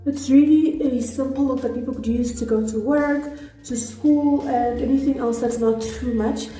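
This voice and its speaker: A woman from South Africa hams up a Nigerian accent as she talks through a makeup tutorial, chatty and quick to poke fun at herself. Her voice sits a little high but stays mellow and warm. It is recorded in an echoey room with faint music underneath. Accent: put-on Nigerian. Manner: chatty, excitable, self-deprecating. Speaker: beauty vlogger.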